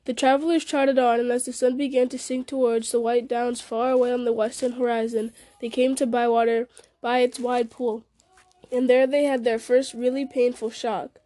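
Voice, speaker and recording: Mellow-voiced woman reading a story aloud. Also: fairly high pitch, normal speed, dry recording. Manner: steady, with small slips and restarts. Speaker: story reader. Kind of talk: reading a fantasy novel aloud.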